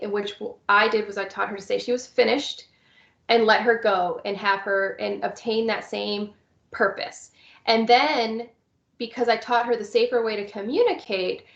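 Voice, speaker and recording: A woman's voice: on the high side, gravelly, reverberant, lo-fi sound. A woman teaching about young children with visual impairments, explaining step by step in a recorded presentation. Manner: explains step by step, acts out cheerful teacher lines.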